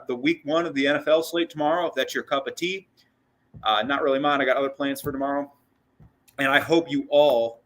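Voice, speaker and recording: A man with a bright, forward voice talks through a casual postgame show as its host. He rambles excitedly, restarting sentences and doubling up on words, and he sounds a bit out of breath. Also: mid-range voice, poor audio. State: short of breath. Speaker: sports podcast host.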